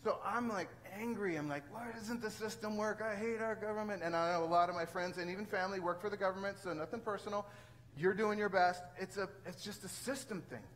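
An older male pastor with a high, light voice tells a story from the pulpit in an animated way, building to exasperated outbursts. He clears his throat now and then. A faint hiss of noise sits under the voice. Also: fast, rough recording. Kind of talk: sermon with personal story.

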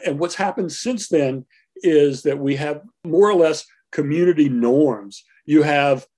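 A man's voice: on the high side, unhurried, dark tone, husky. A man answering interview questions as a linguist, explaining carefully with frequent filler words. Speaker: linguist guest.

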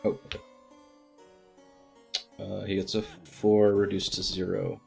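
A man playing a tabletop game, describing his character's actions in a dry, deadpan way. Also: low-pitched, unhurried, gravelly, slightly rough, soft background music. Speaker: player.

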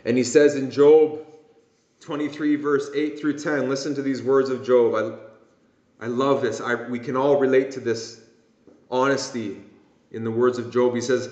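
A man's voice: mid-range voice, steady tone, normal speed, darkish tone. A man preaching a sermon as pastor, impassioned, sometimes mimicking whining voices. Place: church. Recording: echoey room, dull lo-fi sound.

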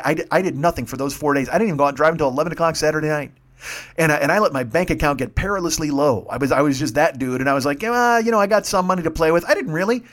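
A man's voice: fairly high pitch, a bit bright. A man, hosting a podcast and telling rambling, profane stories in a casual solo monologue. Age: 50s. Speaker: podcast host.

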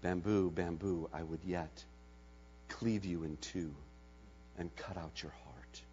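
A man's voice: sits low, fairly even intonation, slow, darkish tone, a little hiss or hum, pitched below the performer's own voice. A man playing the grave, loving master of a garden in a spoken parable, speaking in old-fashioned words, on a dull lo-fi recording. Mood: hushed solemn. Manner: grave and solemn.

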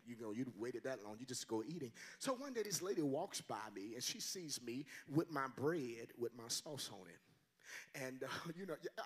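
An older man preaching a sermon as a guest pastor, shouting in call-and-response. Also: mid-range voice.

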